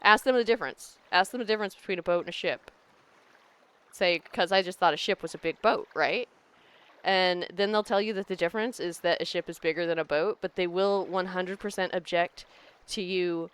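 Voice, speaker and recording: A woman's voice: on the low side, fairly even intonation, brisk, a bit bright, clear, resonant tone. A woman game streamer talking in casual live-stream chat, rambling and laughing often.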